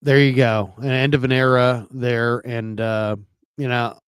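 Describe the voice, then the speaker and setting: A man's voice: mid-range voice, level tone, measured pace, clear, resonant tone, no echo. Hesitant, thoughtful male podcast host. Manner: hesitant, full of ums, thoughtful. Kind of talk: casual sports talk.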